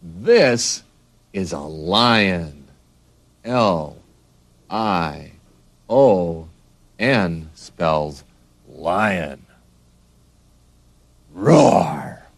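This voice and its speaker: A man's voice: deep voice, expressive, very slow, long pauses, a bit bright, no echo. A middle-aged man reading a children's read-along book, spelling words letter by letter and making playful animal sounds.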